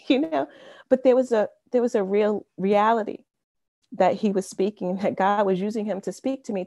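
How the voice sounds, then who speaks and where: An earnest woman in her fifties shares a personal faith testimony over a video call, her voice low, warm and gravelly. She talks conversationally with a lot of "you know", and the sound is close and dry. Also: no echo. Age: 50s. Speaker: speaker sharing a testimony.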